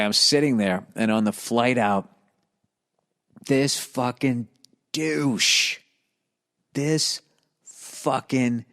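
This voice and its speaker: A middle-aged man hosting a comedy podcast, telling a rambling, profane story that works up into heated ranting. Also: fairly low pitch. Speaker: podcast host.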